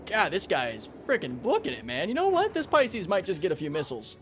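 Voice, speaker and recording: A young man streaming a space game, chatting casually with his viewers, excitable and swearing freely. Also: on the high side, brisk, slight background noise. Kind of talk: casual livestream commentary.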